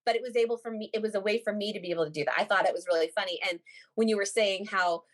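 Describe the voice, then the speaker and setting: A woman in her forties, a podcast guest telling stories in casual chat, animated and often laughing. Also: mid-range voice, racing. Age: 40s.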